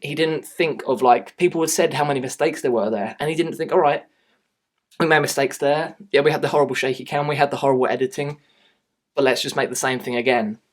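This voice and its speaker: A man giving a casual, blunt movie review and ranting with exasperation. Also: medium pitch. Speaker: film reviewer.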